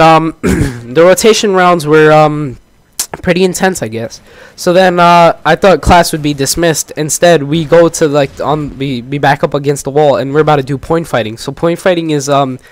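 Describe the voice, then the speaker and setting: A man's voice: on the high side, moderate pace, dry recording. Rambling teenage guy telling a story. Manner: rambling, lots of fillers and restarts. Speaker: gaming channel host. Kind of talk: casual storytelling commentary.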